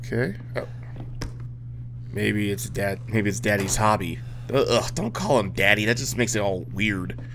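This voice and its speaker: Male gamer, lowish voice, wisecracking let's play commentary, quiet hiss behind. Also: normal speed. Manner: joking, swearing, talking to the game characters.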